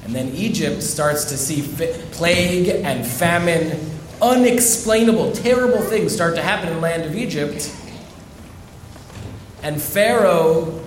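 A man, a rabbi, giving a storytelling sermon, delivered with dramatic pauses. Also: on the high side, expressive, roomy sound, slight background noise.

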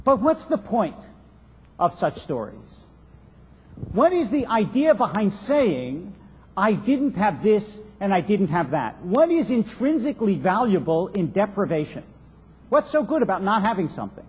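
Husky rabbi preaching in an echoing hall. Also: male voice, high-pitched, big pitch swings. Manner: storytelling, measured, rhetorical questions. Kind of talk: sermon. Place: synagogue sanctuary. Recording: dull lo-fi recording in a reverberant hall.

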